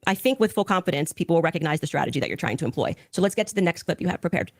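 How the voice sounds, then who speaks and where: A woman who hosts a podcast, defending herself in a heated debate, quick to interrupt. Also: on the low side, expressive, dry recording, clean studio sound. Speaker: podcast host.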